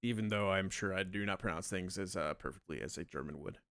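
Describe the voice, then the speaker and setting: A man's voice: low voice, quick pace, creaky, fairly bright tone, clear, resonant tone, no echo, clean studio sound. Rambling man streaming a game. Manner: thinks aloud, rambling with many fillers. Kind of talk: casual live-stream chat while gaming.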